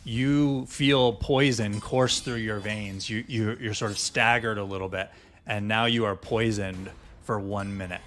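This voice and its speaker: A man's voice: on the low side, steady tone, measured pace. A man running a tabletop fantasy game as dungeon master, narrating and checking rules with many fillers. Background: soft fantasy music.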